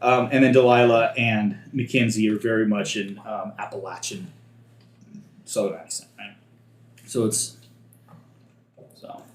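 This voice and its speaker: A man's voice: lowish voice, flat delivery, measured pace, pauses often, echoey room, a little hiss or hum. A man narrating as game master in a rambling way, with many restarts.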